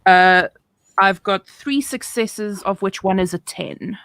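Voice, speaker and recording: A woman's voice: mid-range voice, takes it slowly, a bit bright, no echo. A woman playing in a tabletop role-playing game, speaking expressively. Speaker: player.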